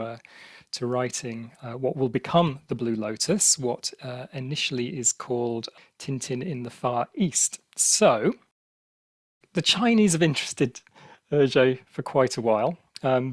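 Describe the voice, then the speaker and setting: A man's voice: mid-range voice, dry recording. A man co-hosting a podcast, explaining history at length in a casual way, with frequent ums and restarts. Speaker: podcast co-host.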